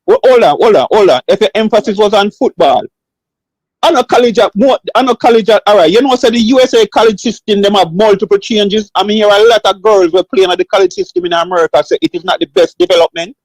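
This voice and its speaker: A man calls in to argue on a sports talk show, his voice high and his words rushed. He presses his point hard and keeps cutting in. The sound is dry with no room around it. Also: darkish tone, no echo, rough recording. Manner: insistent, keeps interrupting. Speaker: caller. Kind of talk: heated call-in debate.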